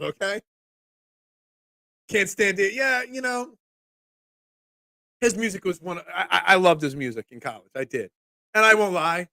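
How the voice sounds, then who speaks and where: A man's voice: high voice, animated, normal speed, gravelly, long pauses, sharp tone, no room sound, clean studio sound. A man in his forties hosting a casual sports talk stream, congested and cracking, rambling as he answers chat comments. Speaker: sports talk show host.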